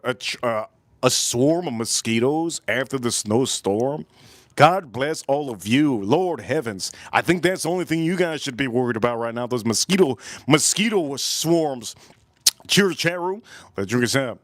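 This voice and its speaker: A man's voice: medium pitch, expressive, moderate pace, no echo. Profane rambling man. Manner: rambling, profane, repeats phrases, loud bursts. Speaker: whiskey reviewer and livestream host. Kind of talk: casual livestream tasting chat.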